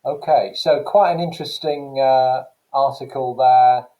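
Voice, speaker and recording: A man's voice: mid-range voice, steady tone, measured pace, mellow, rough recording. A man teaching a recorded lesson, explaining casually with fillers and reading quotations aloud from texts. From England. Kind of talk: recorded classroom lecture.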